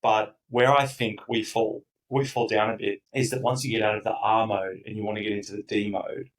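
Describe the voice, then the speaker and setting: Here a man guests on a casual podcast as a company founder, speaking with emphasis and enthusiasm and imitating the voices of those he quotes. His voice is lowish and level, a little fast. The mic is distant and the audio is poor.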